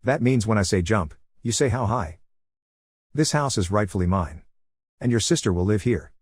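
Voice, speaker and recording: A man's voice: lowish voice, expressive, normal speed, slightly rough, no echo, clean studio sound. A man reading the lines of a bossy, domineering middle-aged mother in a narrated story, in a commanding tone. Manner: commanding, demanding.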